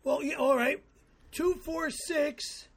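Frantic shouting man, very high voice. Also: fairly even intonation, slow, creaky.

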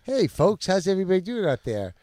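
Wisecracking high-voiced co-host. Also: male voice, big pitch swings, brisk, mellow, no room sound, studio quality. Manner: wisecracking, ad-reading. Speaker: podcast co-host. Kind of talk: joking podcast banter.

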